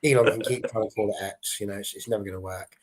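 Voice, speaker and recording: A man hosting a fan show, chatting excitably and rambling with restarts. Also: on the low side, quick pace, breathy edge. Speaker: host. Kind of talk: casual chat.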